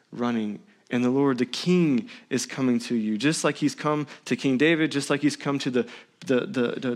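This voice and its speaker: A man preaching a sermon as pastor in a church, swinging between loud emphatic lines and hushed near-whispers. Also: medium pitch.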